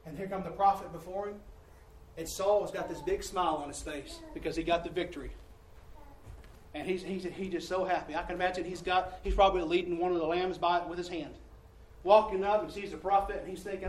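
A man preaching a sermon, telling a personal story and confessing, moving from hushed passages to loud, exasperated outbursts. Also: high voice, brisk, slight background noise. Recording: echoey room, distant mic, faint ambience.

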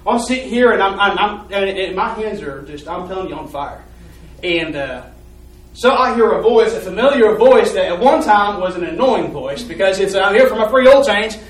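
High-voiced man testifying in an echoey church. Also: lively intonation, moderate pace, distant mic. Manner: earnest, rambling storytelling with repeated words. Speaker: church member giving testimony. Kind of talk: personal faith testimony.

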